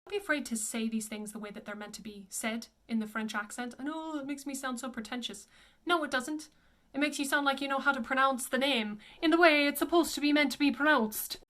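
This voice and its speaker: A woman voice coach giving a pronunciation lesson. She says each name slowly and repeats it several times. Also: high voice, sharp tone. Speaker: classical voice coach.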